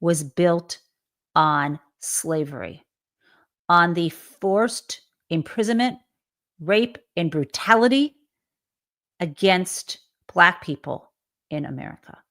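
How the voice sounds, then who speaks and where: A woman's voice: lowish voice, expressive, takes it slowly, long pauses, a bit bright. A woman hosting a live commentary show, talking with emphatic indignation and frequent fillers. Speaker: host.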